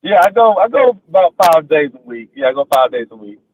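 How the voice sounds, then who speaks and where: A man's voice: on the high side, very animated, a little fast, husky, dry recording. A man taking a sales call on the phone, friendly and easygoing. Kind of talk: phone conversation. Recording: tinny dry phone line.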